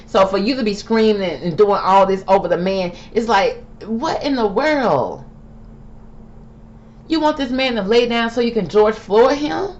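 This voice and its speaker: A woman's voice: mid-range voice, animated, measured pace, a little mellow. A woman hosting a tarot reading commentary, talking emphatically, repeating "okay?" and calling the listener baby, sometimes heated and indignant. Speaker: tarot reader host. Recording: dull lo-fi with faint hiss.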